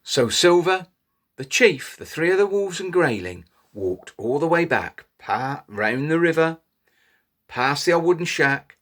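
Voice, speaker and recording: A man telling a children's story in an animated way, inviting little listeners to join in. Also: a little high, measured pace. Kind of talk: interactive children's story reading.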